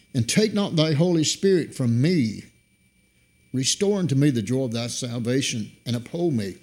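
A middle-aged man delivers a sermon, his voice suddenly leaping in pitch and volume to hammer his points home.

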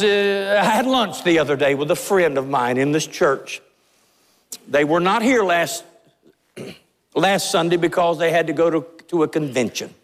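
A man's voice: a little high, long reverb tail. A middle-aged man, a pastor, preaching an impassioned sermon in a church sanctuary, with his voice rising and falling for emphasis.

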